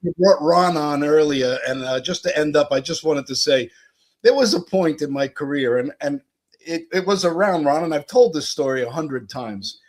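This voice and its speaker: Older american guy telling a long story, bit husky, acts out all the voices. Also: on the high side, moderate pace. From United States. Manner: animated, acts out quoted dialogue. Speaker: guest. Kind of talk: casual storytelling.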